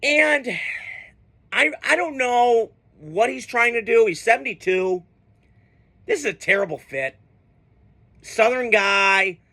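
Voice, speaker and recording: A man with a high, bright, cutting voice gives a fired-up football reaction. He talks bluntly and swears freely, venting about his team and the coaches like a frustrated fan. The delivery is loose and unscripted. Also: lively intonation, slow pace, creaky, pauses often. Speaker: sports fan vlogger. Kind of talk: profane sports reaction rant.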